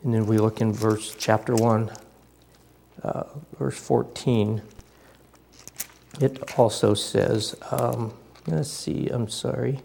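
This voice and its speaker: Low gravelly-voiced man preaching. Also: steady tone, slow, long pauses, mellow, slight background noise. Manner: conversational, repeats phrases for emphasis. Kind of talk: sermon with scripture reading.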